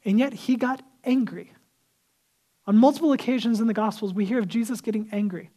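A man's voice: sits high, steady tone, fairly quick, mellow. A male pastor preaching a sermon in a casual, conversational way, acting out the people he quotes and dropping to a whisper for emphasis.

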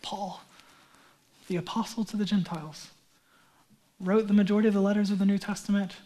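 A male pastor giving a sermon in a conversational, animated way, with casual asides. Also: high-pitched, brisk.

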